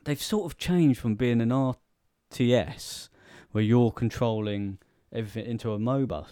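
A man's voice: medium pitch, normal speed, mellow, dry recording, clean studio sound. A man in casual chat, laid-back, giving short replies with hesitant fillers.

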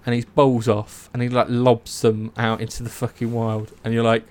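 A young man casually retelling myths, animated, swearing and acting out the characters' lines. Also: medium pitch, moderate pace. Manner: animated storytelling, swears, acts out quotes. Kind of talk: casual chat.

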